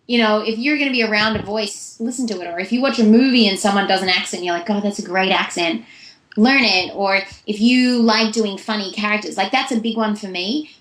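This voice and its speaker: A woman's voice: medium pitch, a little fast, few pauses, a bit bright, reverberant, rough recording. A young woman, a voice actress, giving chatty, long-winded answers in a casual interview. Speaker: voice actress guest.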